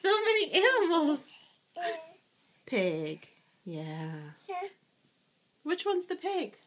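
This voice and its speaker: A woman's voice: high voice, huge pitch swings, very slow. A young woman talking baby talk to her infant in a sing-song, cooing way, asking simple questions. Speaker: parent filming her baby.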